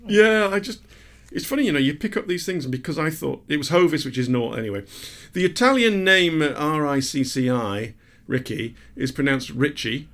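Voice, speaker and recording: A man's voice: fairly high pitch, expressive, normal speed, hardly any pauses, a bit bright. A man co-hosting a podcast in casual chat, with dry, self-mocking asides. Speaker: podcast co-host.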